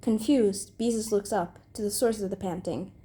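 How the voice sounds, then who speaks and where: A young woman reading comic fan fiction aloud, deadpan with occasional giggles. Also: mid-range voice, moderate pace. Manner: breaks into giggles, deadpan delivery. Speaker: reader.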